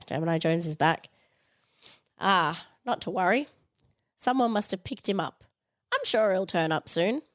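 A woman's voice: on the low side, animated, a little slow, pauses often, no room sound, clean studio sound. A woman hosting a podcast, reading a comic story aloud in a playful, giggly way.

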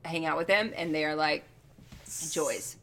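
A woman's voice: low voice, fairly even intonation, a little slow, fairly bright tone. Casting: chatty woman podcast co-host, laughs easily, trails off mid-sentence. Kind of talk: casual chat.

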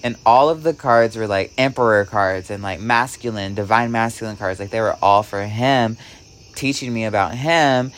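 A man vlogging, telling a rambling story with "like" in almost every phrase and swinging between hushed and excited delivery. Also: fairly low pitch, normal speed. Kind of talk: casual storytelling vlog.

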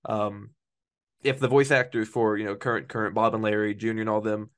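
Fast-talking man podcast host. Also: lowish voice, level tone, fairly bright tone. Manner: eager fan, leans on "you know". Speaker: podcast host and fan channel owner. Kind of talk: casual interview chat.

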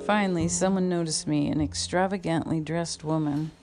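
A woman reading her memoir aloud in an unhurried, reflective way, now and then stopping to correct a slip. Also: deep voice, fairly even intonation, music in the background. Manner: unhurried, reflective, with occasional slips and rereads. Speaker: memoir reader.

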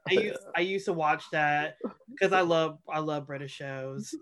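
A man's voice: fairly high pitch, measured pace, a crowd in the background. Rambling man on a casual podcast. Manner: rambling with many fillers and restarts. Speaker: podcast co-host. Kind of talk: casual chat.

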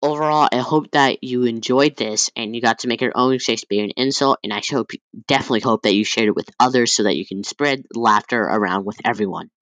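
A young man giving a casual class presentation, loose and halting with many fillers and restarts. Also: medium pitch, a bit bright, no echo, rough recording. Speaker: student presenter.

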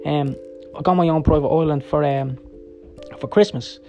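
A man's voice: fairly high pitch, moderate pace, creaky, warm tone, highs cut off, soft background music. A man, telling a personal story in a candid, rambling, profane way and checking in with his listener often. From Ireland. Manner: candid, rambling and profane, with frequent "yeah?" and "right?".

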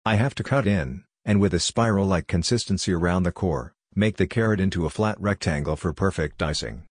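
A man narrating a story in an even, measured reading. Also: deep voice, slightly rough, dry recording, clean studio sound. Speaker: audiobook reader.

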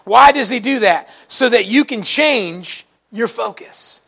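A male pastor preaching to his congregation with a high, bright voice and a gravelly edge. He tells folksy stories, animated and colloquial, and now and then rises into a shout. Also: slow pace. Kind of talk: sermon. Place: church service before a congregation.

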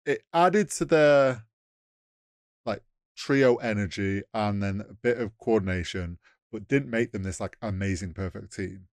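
On a podcast recorded with clean studio sound and no room echo, a low-voiced male co-host casually retells film scenes at a measured pace. He rambles, acts out quoted lines, and laughs often in this relaxed review chat.

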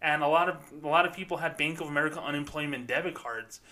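A man's voice: on the high side, fast, pushed and bright. A man hosting a podcast, ranting sarcastically and with profanity about banking, speaking as a former bank employee. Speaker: podcast host. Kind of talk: ranting commentary.

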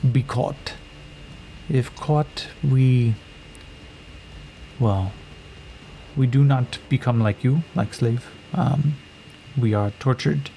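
Give me a man doing a stern alien warrior woman, low and gravelly, speaking slowly in stiff, broken English. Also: mellow, a little hiss or hum, rough recording. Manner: slow, deliberate speech in broken formal English. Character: stern female alien warrior, formal and blunt.

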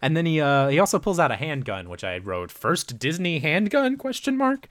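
A man casually recapping a movie plot, rambling with many fillers and quick voiced quotes. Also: fairly high pitch, wildly swooping pitch, fairly bright tone, dry recording. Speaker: podcast co-host.

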